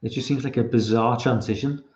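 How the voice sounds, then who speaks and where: A man's voice: medium pitch, steady tone, brisk, darkish tone, reverberant, lo-fi sound. A man from Liverpool with a Liverpool accent, hosting a casual live commentary stream and rambling with plenty of swearing. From Liverpool, England.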